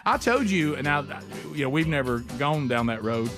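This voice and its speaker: Radio host, man, slightly high voice, jokey and rambling, with music bed behind. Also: very animated, moderate pace. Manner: joking, rambling. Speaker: radio talk show host. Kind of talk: casual radio talk.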